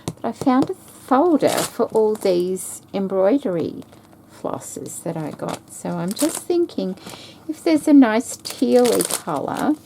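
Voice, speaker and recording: A woman talks slowly and softly while she sews, musing over threads and stitches. Her voice is mellow and low, with a gravelly edge. A faint hum sits under the recording. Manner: slow, soft-spoken, thinking aloud while sewing. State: hiccups. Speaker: craft vlogger. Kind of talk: casual stitching chat.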